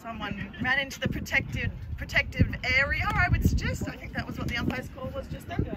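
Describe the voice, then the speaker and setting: A woman giving chatty, excitable live commentary on an amateur match from the sideline, laughing easily. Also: high voice, fairly quick. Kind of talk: casual live sports commentary. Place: outdoors at a sports field sideline. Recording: outdoor sideline with crowd noise. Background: spectators cheering and chatting.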